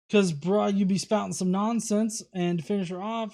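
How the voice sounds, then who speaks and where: A man's voice: high-pitched, fairly even intonation, moderate pace, hardly any pauses, warm tone. A man hosting a livestream, casually reading viewer comments aloud with many fillers and restarts. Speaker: host.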